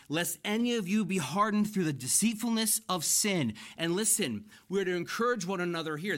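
Male pastor, 40s, slightly high voice, emphatic sermon delivery with loud and hushed swings. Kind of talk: expository sermon.

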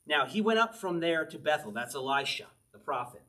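Conversational male preacher, fairly high voice, verse-by-verse Bible teaching, reads scripture slowly, chuckles often. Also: big pitch swings, sharp tone, distant mic. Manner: conversational, laughs often, slows to read scripture aloud. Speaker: pastor.

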